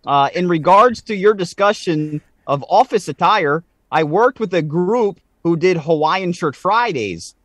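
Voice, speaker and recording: A man putting on an exaggerated, deliberately bad French Canadian accent to read out a listener's email on a podcast. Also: high voice, expressive, no echo, voice pushed up. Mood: mock-earnest. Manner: hammy, exaggerated put-on accent.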